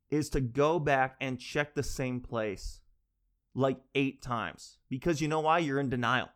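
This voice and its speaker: A man doing a stand-up comedy monologue, telling a rambling, animated story with quick asides. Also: mid-range voice.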